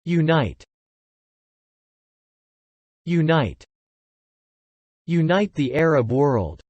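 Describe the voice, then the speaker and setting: A vocabulary narrator reads a word list for learners at a very slow, careful pace. Each word comes twice and then a short example phrase, with the pitch rising and falling widely. The voice is a little breathy and recorded close and dry. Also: very animated, darkish tone, no echo, highs cut off.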